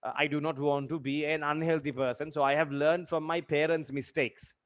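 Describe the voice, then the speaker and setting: A man's voice: fairly high pitch, fairly even intonation, a little fast. Earnest young man telling a story. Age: 20s. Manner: earnest, speaks in short repeated phrases with many fillers. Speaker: literature teacher. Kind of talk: personal story in a webinar lesson.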